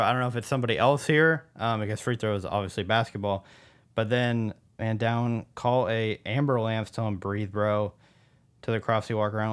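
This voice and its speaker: A man co-hosting a casual reaction chat, rambling and thinking aloud as he works through ideas. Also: fairly low pitch. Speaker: co-host and editor of a reaction show.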